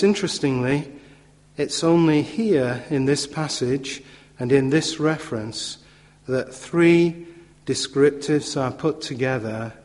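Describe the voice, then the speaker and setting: Slow, measured male preacher in a hall. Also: medium pitch. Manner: measured, emphatic repetition with occasional fillers. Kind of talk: sermon. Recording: long hall reverb.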